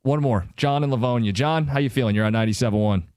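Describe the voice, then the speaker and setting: A man's voice: mid-range voice, fast talker, a little mellow, smooth, no echo, clean studio sound. A man hosting sports talk radio, emphatic, his voice jumping up to drive points home. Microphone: studio microphone.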